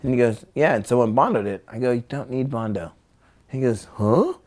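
A man's voice: medium pitch, animated, brisk, a little mellow. A man telling skateboarding stories in casual chat, acting out his friends' lines and swearing freely. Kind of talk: casual storytelling.

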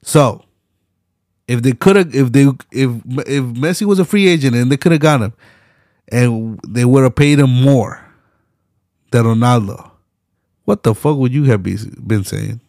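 A man's voice: mid-range voice, unhurried, pauses often, a little mellow, no room sound, clean studio sound. A young man hosting his own podcast, ranting casually with lots of slang, profanity and laughter. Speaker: podcast host. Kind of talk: casual solo podcast rant.

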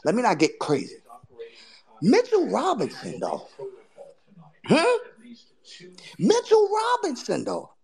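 A woman's voice: slow, gravelly, long pauses. Profane, taunting woman podcast host. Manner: profane, taunting trash talk; animated, swings between loud jabs and low mutters. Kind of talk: casual sports talk rant.

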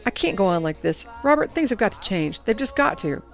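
A woman's voice: medium pitch, big pitch swings, a little fast, creaky. A woman voicing a worn-out mother who speaks in a pleading, emotional way. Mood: desperate. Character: worn-out mother, tender then desperate.

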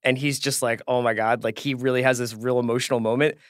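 A man's voice: medium pitch, steady tone, quick pace, dry recording, clean studio sound. A man co-hosting a podcast, chatting casually and telling sports stories with lots of filler words. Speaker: podcast co-host. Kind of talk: casual chat.

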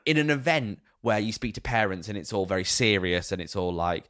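A man's voice: fairly low pitch, animated, a little fast, a bit bright, dry recording, studio quality. A man in his thirties, a podcast co-host telling stories in casual chat. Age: 30s.

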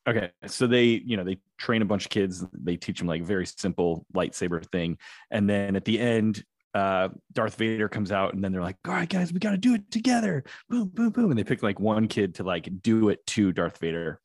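A man's voice: deep voice, moderate pace, no room sound, clean studio sound. A man co-hosting a podcast, telling a funny story with plenty of energy. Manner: lively storyteller, acts out voices. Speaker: podcast co-host. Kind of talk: casual chat.

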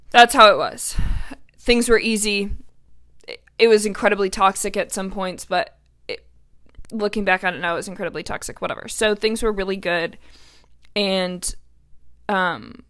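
A woman's voice: mid-range voice, moderate pace, long pauses, fairly bright tone. Young woman podcast host, candid storyteller, heavy "like" filler, swears freely. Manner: chatty, lots of "like", blunt and profane.

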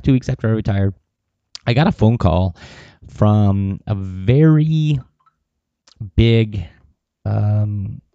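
A man's voice: on the low side, creaky, mellow, no echo. Man, casual vlog, rambling, swears, dull lo-fi dry recording. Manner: rambling, profane, with many fillers. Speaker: vlogger.

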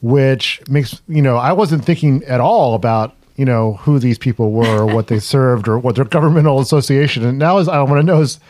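Halting man, dry close sound. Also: mid-range voice, darkish tone, no room sound. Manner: halting, searching for words. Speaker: podcast co-host. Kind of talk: casual discussion.

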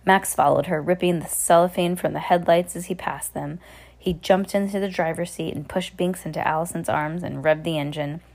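Mom reading a kids' book at home, lowish voice, trips on words now and then. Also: female voice, fairly even intonation, normal speed, creaky, darkish tone. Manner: casual, stumbles and self-corrects. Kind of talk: reading a storybook aloud.

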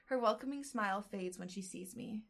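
A woman's voice: medium pitch, normal speed, vocal fry, fairly bright tone. Woman reading a novel aloud, joking asides.

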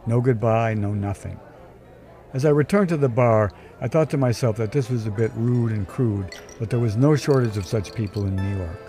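A man narrating a scripted first-person story in a dry, wry, measured way. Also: lowish voice, over music. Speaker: podcast storyteller.

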